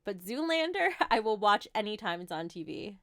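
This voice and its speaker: A woman's voice: mid-range voice, sing-song, moderate pace, a bit bright, no room sound, studio quality. A woman in her thirties with a New Jersey accent, chatting casually on a livestream as she answers viewer questions with light laughs. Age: 30s.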